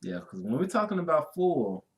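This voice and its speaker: A man co-hosting a casual spiritual talk, speaking in an easygoing, drawn-out way with frequent affirmations. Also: on the high side, very animated. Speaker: co-host.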